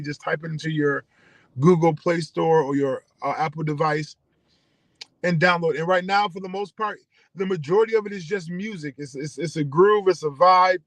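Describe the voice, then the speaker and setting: A man's voice: fairly high pitch, a bit bright, no echo, rough recording. A man hosting a community radio station, speaking earnestly with preacher-like repetition as he rallies his listeners. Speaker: internet radio station host. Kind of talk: passionate community address.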